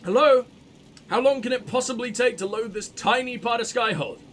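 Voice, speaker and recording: A man giving casual gameplay commentary, reacting out loud and swearing freely as he thinks aloud. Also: very high-pitched, a little fast, slight background noise. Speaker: let's play commentator.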